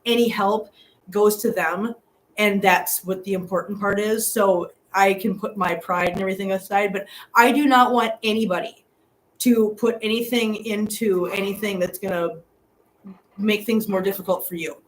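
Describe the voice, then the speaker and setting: A woman's voice: medium pitch, steady tone, normal speed, poor audio. A middle-aged woman hosting a live stream from a hotel room. She talks earnestly and from the heart to her viewers and laughs often. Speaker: channel host.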